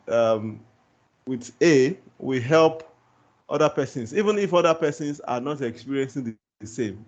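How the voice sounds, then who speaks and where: A man's voice: medium pitch, darkish tone, lo-fi sound. A man teaching a live online class, patient and reassuring, often repeating himself. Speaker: instructor. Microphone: video call.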